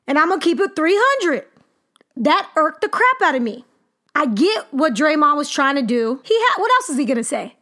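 Female sports podcast host, 30s, high voice, punchy and expressive delivery. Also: moderate pace. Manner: animated, emphatic, exclaiming. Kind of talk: casual sports commentary.

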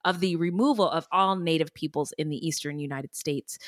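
A woman's voice: low voice, a little fast, no echo, studio quality. A woman co-hosting a true-crime podcast in casual chat, blunt and profane, and she laughs when something makes her uneasy. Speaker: podcast co-host.

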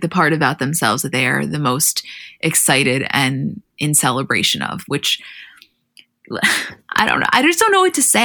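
A woman from New Jersey co-hosting a pop culture podcast, chatting casually with animated asides. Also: deep voice, creaky. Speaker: podcast co-host. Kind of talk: casual chat.

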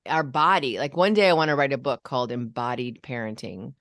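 A woman with a low, grounded voice chats about parenting and shows listeners how to speak calmly to children. The sound is dry and close, with no room around it. Her delivery is relaxed and conversational. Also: fairly quick, dry recording. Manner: demonstrates vocal registers and calm commands. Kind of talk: casual podcast conversation.

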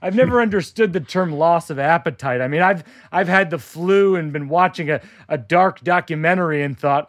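A man, the show's host, telling a self-deprecating comic story in a deadpan way. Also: sits high, normal speed, no echo, clean studio sound. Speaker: podcast host. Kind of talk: comedic storytelling.

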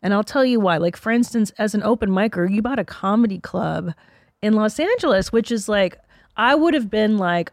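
A woman's voice: mid-range voice, animated, normal speed, dry recording, clean studio sound. A woman hosting a podcast, chatting candidly and swearing freely. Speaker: podcast host. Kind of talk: casual podcast chat.

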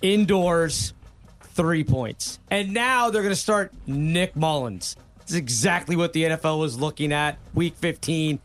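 A man on a football podcast talks in a slightly raised pitch. He is sarcastic and leans hard on his points. Faint music plays behind him. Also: normal speed, fairly bright tone. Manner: sarcastic, emphatic. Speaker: sports podcast panelist. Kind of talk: casual sports chat.

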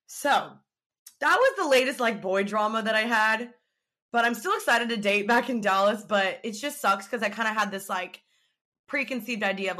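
A woman's voice: medium pitch, moderate pace, pushed and bright. A young woman hosting a podcast, chatting casually and animatedly retelling her story with quoted back-and-forth. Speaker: podcast host.

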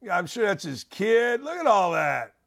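A man hosting a sports talk show, delivering a sarcastic, heated commentary rant with bursts of shouting. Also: sits high, very animated, a little slow, vocal fry.

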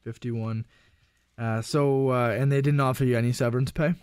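A man's voice: medium pitch, fairly even intonation, normal speed, background noise. A man giving employment law advice to a caller, hesitant with many uhs and restarts. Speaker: employment lawyer. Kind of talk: call-in advice.

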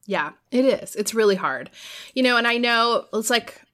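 A woman's voice: on the high side, lively intonation, moderate pace, fairly bright tone. A woman talks frankly about raising her teenagers. She sounds exasperated yet laughs at herself as she goes. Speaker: parent of teens. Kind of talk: casual chat.

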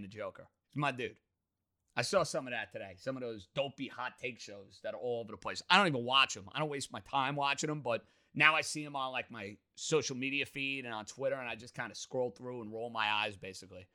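A man's voice: mid-range voice, sharp tone. A man hosting a sports talk radio show, emphatic and opinionated.

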